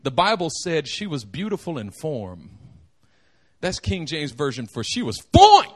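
Animated, joking male preacher with a high voice. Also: unhurried. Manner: animated and joking, acting out quotes. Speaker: pastor. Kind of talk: sermon.

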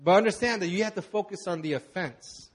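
A young man with a notably high voice preaches as a pastor. His sermon is conversational and candid, with halting stories from his own life. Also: breathy edge. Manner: candid, halting personal storytelling.

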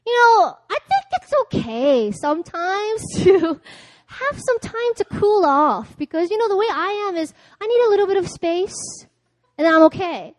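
High-voiced woman preaching a sermon. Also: very animated, normal speed, no echo. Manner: storytelling, acting out dialogue, laughing often. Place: church.

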